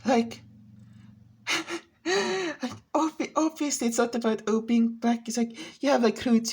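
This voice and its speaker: Brief: higher-pitched woman with a husky edge, rambling and profane casual rant. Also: darkish tone. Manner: rambling, profane, frequent restarts. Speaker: vlogger. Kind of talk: casual ranting commentary.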